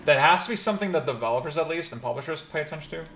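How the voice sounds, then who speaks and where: A man's voice: fairly high pitch, rapid-fire, faint music behind. Rambling male streamer in a roomy room. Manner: rambling, filler-heavy, excited outbursts during play. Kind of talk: casual chat while gaming. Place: new apartment. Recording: roomy, noisy.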